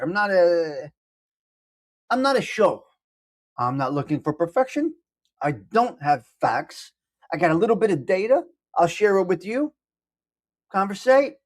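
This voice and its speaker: A man's voice: high-pitched, very animated, measured pace, pauses often. A man hosting a casual live-stream coffee chat, rambling and self-deprecating as he greets viewers by name. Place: indoors at home.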